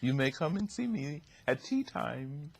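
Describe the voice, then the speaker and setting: A woman's voice: sing-song, a little slow, vocal fry, heavily acted. An older woman voicing a gracious, genteel older lady with a plummy, rounded voice. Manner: high, rounded, plummy delivery.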